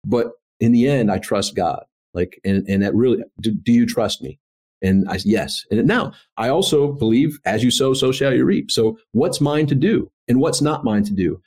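A man's voice: mid-range voice, animated, normal speed, few pauses, a little mellow. Earnest, reflective male podcast guest. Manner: earnest, reflective, faith-centered. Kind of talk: casual interview chat.

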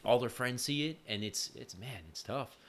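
A man's voice: mid-range voice, normal speed, fairly bright tone. A man hosting a casual conversation, speaking in a reflective, earnest way with a few stammering restarts.

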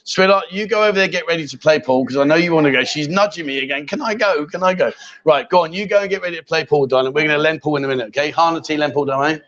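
A man with a somewhat high, slightly bright voice talks rapid-fire with few pauses, hosting a live chat stream from a Thai bar. He's jokey and teasing, chatty and prone to repeating himself, and the sound is lo-fi.

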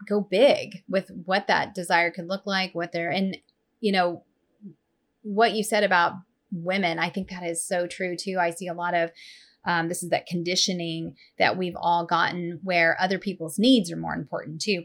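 A woman in her thirties hosting a podcast, chatting casually and telling stories with animated, playful touches. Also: fairly low pitch. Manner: warm, animated storytelling with playful voices. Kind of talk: casual conversation.

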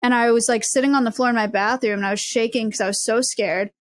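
A young woman with a fairly high voice talks candidly in casual podcast chat. Her voice sounds close and dry, and she strings confessional thoughts together one after another. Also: steady tone, quick pace, no room sound. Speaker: podcast co-host.

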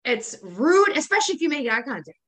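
A woman co-hosting a podcast runs through her pet peeves in casual chat, with lots of profanity and laughter. Her voice sits high and sounds bright and forceful. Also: very animated, fairly quick. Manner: profane, ranting, laughs often. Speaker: podcast co-host.

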